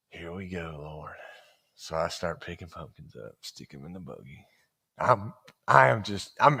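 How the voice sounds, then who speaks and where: A middle-aged man telling a personal story at church in a casual, animated way, acting out the voices of the people he quotes. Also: medium pitch. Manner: animated, acts out quoted voices, laughs often.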